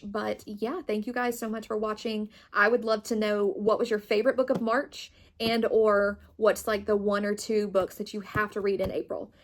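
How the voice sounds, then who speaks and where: A young woman chatting casually as a book vlogger, bubbly and gushing, with lots of fillers. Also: medium pitch. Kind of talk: casual chat.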